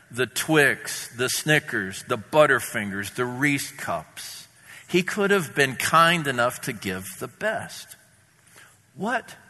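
A male pastor delivers a sermon with an unhurried, deliberate pace and a very bright, forceful tone. His voice sits a little high for a man. Long reverb from a large hall trails each phrase. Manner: measured, vivid storytelling. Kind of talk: sermon storytelling.

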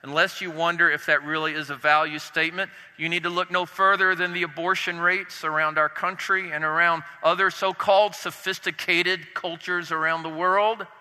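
High, bright-voiced man preaching in a hall. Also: steady tone, moderate pace, hardly any pauses, clean tone. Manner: dramatic, drops voice low and soft to stress points. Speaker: pastor. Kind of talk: sermon.

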